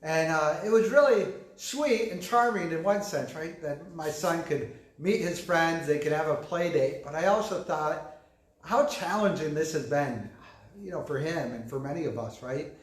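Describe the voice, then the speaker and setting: A man, preaching a gentle, earnest sermon full of fillers. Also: a little high, moderate pace. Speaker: pastor. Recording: echoey room.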